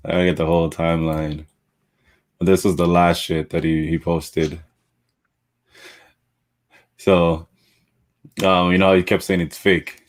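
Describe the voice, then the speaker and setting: A man hosting a podcast, chatting casually and acting out quotes with a lot of laughter. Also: low voice. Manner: animated storytelling, acts out quotes, laughs often. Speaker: podcast host. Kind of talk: casual chat.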